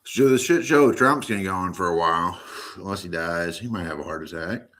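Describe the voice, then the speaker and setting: A man with an American accent talks on his live stream. His voice sits low, and he rambles from joke to tangent in a loose, unfiltered way. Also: a little fast, fairly bright tone.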